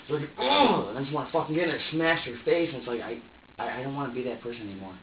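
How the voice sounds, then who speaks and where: A man's voice: medium pitch, rapid-fire, a little hiss or hum. Agitated young man, distant and roomy. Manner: agitated, profane, stammering repeats. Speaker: suspect under police questioning. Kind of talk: interrogation statement. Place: interrogation room. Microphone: distant security camera mic. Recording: roomy, distant, dull lo-fi security footage.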